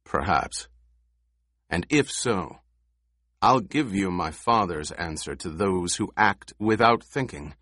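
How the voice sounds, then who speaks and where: Audiobook figure: shrewd smuggler boss, low and guarded, unhurried, read by a man. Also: expressive, no room sound, clean studio sound, full character voice. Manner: low, measured, quietly guarded. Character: cautious, shrewd male smuggler chief.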